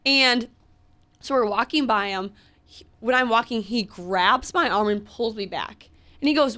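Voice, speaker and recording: A woman in her twenties co-hosting a casual podcast, telling a story with animated energy, lots of "like" and quick restarts. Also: on the high side. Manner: animated storytelling, heavy use of "like", frequent restarts and laughs. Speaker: podcast co-host.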